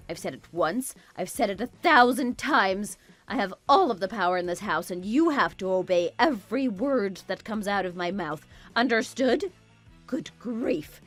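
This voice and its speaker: Woman playing a bossy, spiteful mother-in-law. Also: mid-range voice. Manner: scolding, contemptuous, bossy. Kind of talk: dramatized story voice acting.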